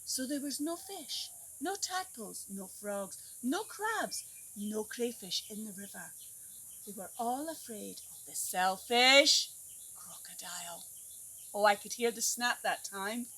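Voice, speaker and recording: A woman teacher reading a picture book aloud to young children, animated and coaxing them to join in. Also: medium pitch, measured pace, a little hiss or hum. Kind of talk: storybook read-aloud for children. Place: outdoors at a tree house.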